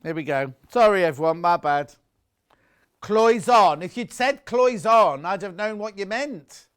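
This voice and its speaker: A man's voice: high-pitched, expressive, a little slow, a bit bright, clean tone. A man presenting fabrics on a live shopping channel, chatty and jokey as he teases the crew.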